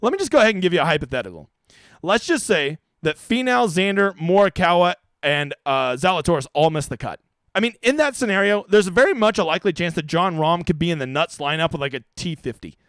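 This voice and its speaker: A man with a high, lively voice runs a casual live-stream Q&A, reading out chat questions and answering them bluntly, swearing now and then. He talks close to the mic in a dry, dead room with no echo. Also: quick pace. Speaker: fantasy golf streamer.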